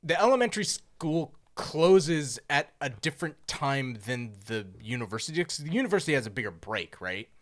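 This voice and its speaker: A man co-hosting a podcast in relaxed casual chat, chiming in with short remarks. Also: on the high side, normal speed, few pauses. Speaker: podcast co-host.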